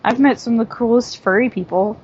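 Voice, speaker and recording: Brief: southern US woman, podcast guest, breathy and a touch high, chatty and giggly, dull lo-fi sound. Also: brisk, a little mellow. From southern United States. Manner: rambling, laughs often. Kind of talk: casual chat. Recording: dull lo-fi audio.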